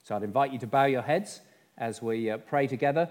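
Brief: a male preacher, earnest and measured, medium-pitched voice, leading a church prayer. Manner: earnest, measured, gently pleading. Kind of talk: sermon.

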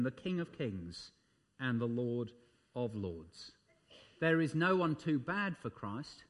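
A man preaching a sermon, emphatic, swinging his voice up and dropping it low for effect, with frequent ums and uhs.

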